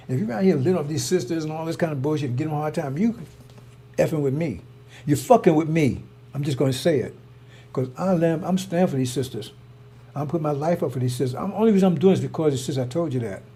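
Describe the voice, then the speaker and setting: A man's voice: fairly high pitch, mellow, breathy edge. A man, telling a rambling personal story in a heated, emphatic, repetitive way. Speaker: online preacher.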